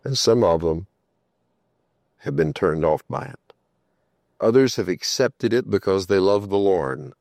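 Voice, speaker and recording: Man, preacher, very low voice, emphatic sermon storytelling, dry close sound. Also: lively intonation, measured pace, vocal fry, long pauses, a little mellow, no room sound.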